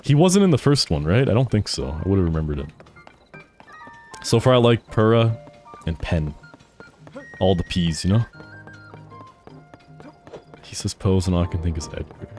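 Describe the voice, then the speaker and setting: A man's voice: sits low, sing-song, moderate pace, pauses often, darkish tone, faint music behind. A man streaming a game, chatting casually with his chat, laughing often and swearing freely. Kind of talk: casual live-stream chat while gaming.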